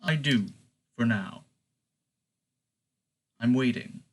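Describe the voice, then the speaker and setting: A man doing a wary tusked knight, slow and curt, guarded questions, tabletop game voice. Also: medium pitch, natural voice. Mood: calm. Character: green-skinned tusked male knight, wary and terse. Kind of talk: tabletop role-play.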